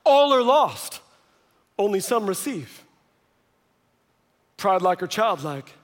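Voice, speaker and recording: A man's voice: high-pitched, takes it slowly. A man in his thirties preaching a sermon as a pastor, telling family stories with joking asides. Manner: lively storytelling with joking asides. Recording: long reverb of a large hall.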